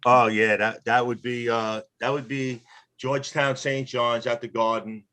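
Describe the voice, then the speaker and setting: A man's voice: medium pitch, level tone, a little slow, sharp tone. A man from Queens, New York, chatting about old games as a former mascot guest on a video call. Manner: chatty, laughs at his own stories. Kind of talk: casual storytelling on a video call.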